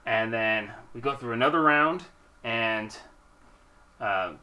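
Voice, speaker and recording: A man running a tabletop game as game master, animated and often laughing as he narrates the monsters. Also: mid-range voice, takes it slowly.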